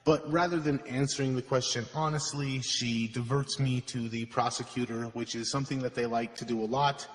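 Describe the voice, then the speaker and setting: A man's voice: medium pitch, fairly even intonation, fairly quick, hardly any pauses, long reverb tail. A man narrating his own court video, aggrieved and lecturing. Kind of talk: explanatory voice-over.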